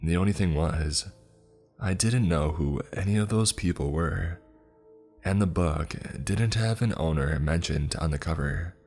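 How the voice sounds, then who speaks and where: A man with an extremely deep, husky voice reads a first-person horror story aloud. He takes his time over each line, keeping an unhurried, measured pace while faint music plays underneath. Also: a little mellow.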